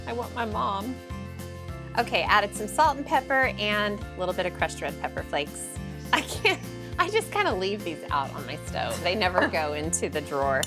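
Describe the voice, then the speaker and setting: A woman's voice: on the low side, very animated, moderate pace. Chatty woman hosting a cooking show. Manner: chatty, playful, talks to off-camera crew. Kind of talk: casual cooking demonstration. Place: home kitchen. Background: background music, sizzling pan.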